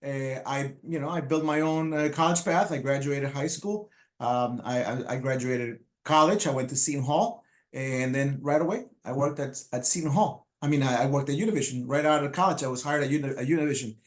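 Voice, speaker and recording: A man in his fifties whose first language is Spanish, giving a motivational speech about his life, halting with many restarts and fillers. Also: mid-range voice. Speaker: motivational speaker. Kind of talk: personal storytelling speech.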